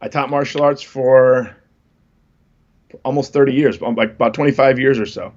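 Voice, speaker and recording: A man's voice: medium pitch, fairly even intonation, moderate pace, a little mellow, highs cut off. A man in his fifties, a comedian guest, chatting casually on a podcast and telling stories with self-deprecating jokes. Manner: laid-back storytelling, self-deprecating jokes.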